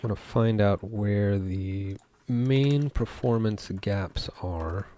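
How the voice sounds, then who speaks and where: A man, a game developer, talking through his code as he works, thinking aloud with pauses and fillers. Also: on the low side, dark tone, slight background noise. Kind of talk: live coding commentary.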